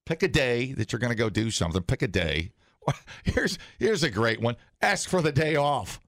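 A man co-hosting a casual podcast chat, rambling and halting as he mocks himself. His voice is gravelly and swings up and down a lot, recorded close and dry. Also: mid-range voice, sing-song, a bit bright, no echo. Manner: rambling, halting, self-mocking. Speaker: podcast co-host.

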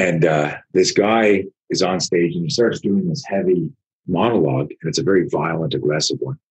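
A man, a martial arts instructor in his fifties or older, telling a story in casual conversation, animated and profane, acting out what people said. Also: a bass voice, a little fast, husky, poor audio. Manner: animated, profane, acts out quotes.

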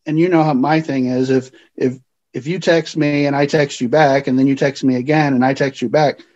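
A man working as a counselor, explaining things in a calm, measured way during a podcast interview. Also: mid-range voice, dull audio.

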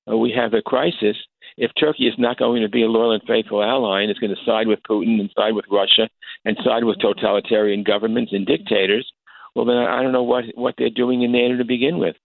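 An older man, a congressman, answering interview questions over the phone, halting with many fillers and restarts. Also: mid-range voice, creaky, dry recording. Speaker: congressman guest. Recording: tinny phone line.

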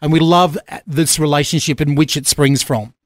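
Animated Australian man hosting a radio chat. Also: on the high side, moderate pace, very noisy. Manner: lively, laughing, animated storytelling. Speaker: radio host. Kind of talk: warm radio interview chat.

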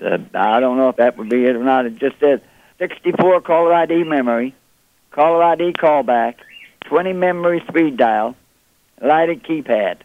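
A man calling into a radio show over the phone, speaking in a slow, plain-spoken, earnest way. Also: mid-range voice, expressive. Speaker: caller. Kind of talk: phone call. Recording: dull phone line.

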